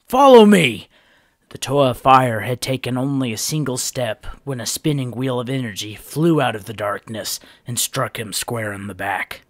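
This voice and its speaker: A man's voice: medium pitch, a bit bright, no echo. Man narrating a storybook, dry close sound. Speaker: audiobook narrator.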